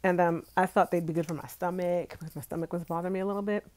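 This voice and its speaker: A young adult woman from Brooklyn, New York, talks in a fairly low, rapid-fire voice. She's at home on her bed on a rainy day, chatting casually and animatedly with her live-stream viewers and addressing them directly with a Southern "y'all."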